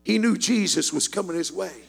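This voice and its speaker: A man preaching a sermon in a church, swinging from quiet storytelling into shouted, sing-song exhortation. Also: high-pitched, a little fast, gravelly, in a large hall. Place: church sanctuary.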